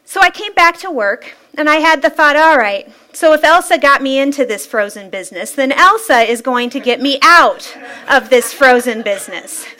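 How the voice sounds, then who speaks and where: Woman, high-pitched, spiritual practitioner, inspirational church talk, playful storyteller, laughs often. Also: lively intonation, moderate pace, sharp tone. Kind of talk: inspirational sermon-style talk. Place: church sanctuary.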